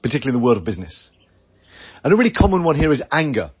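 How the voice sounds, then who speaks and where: A man's voice: mid-range voice, very animated, very fast, slightly rough, lo-fi sound. A British man hosting a solo business podcast, talking earnestly and acting out quoted voices. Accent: British English. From Britain. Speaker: podcast host. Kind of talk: solo podcast coaching talk.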